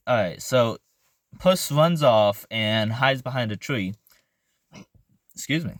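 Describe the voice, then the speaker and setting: A young man giving a casual, rambling movie review, full of fillers and pauses while he searches for words. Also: fairly low pitch, no room sound.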